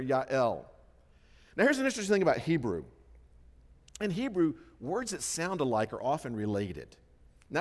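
A middle-aged man preaching a sermon, lively and conversational, acting out the voices he quotes. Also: fairly high pitch. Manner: animated storytelling, acts out quoted voices. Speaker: pastor. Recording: long hall reverb.

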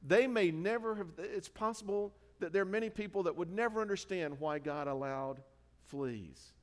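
A man's voice: high voice, normal speed. A man delivering a sermon in a conversational, informal way, full of fillers and self-corrections. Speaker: preacher. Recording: reverberant hall.

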